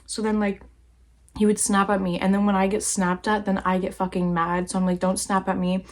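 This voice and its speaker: A woman's voice: medium pitch, flat delivery, fairly quick, darkish tone. A young woman talking casually to camera, rambling through a personal story with lots of fillers and swearing. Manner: rambling, heavy use of "like", swears freely. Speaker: vlogger.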